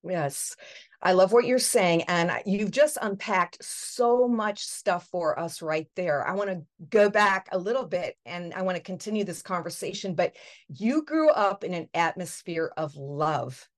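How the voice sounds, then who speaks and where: A woman's voice: lowish voice, lively intonation, a little slow. A woman hosting a podcast interview, giving upbeat, effusive introductions. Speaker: podcast host.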